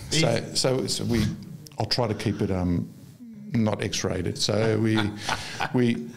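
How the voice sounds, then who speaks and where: Gravelly man in his fifties. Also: on the low side, slow. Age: 50s. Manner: rambling anecdotes with frequent restarts and laughter. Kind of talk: casual storytelling chat.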